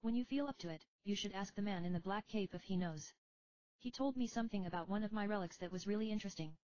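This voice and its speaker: A woman voicing a tired but kind young woman who speaks in a friendly, gently teasing way in a storybook reading. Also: medium pitch, fast, dry recording, dull audio, voice pushed up, lightly acted. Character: weary young woman summoner, warm and kind.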